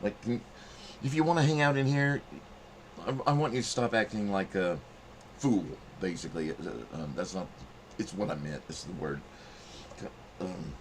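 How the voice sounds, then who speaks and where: Low-voiced profane storytelling man. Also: normal speed, long pauses, a little hiss or hum. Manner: profane, rambling, acts out quotes in raised voice. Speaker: channel host telling a story. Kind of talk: casual storytelling monologue.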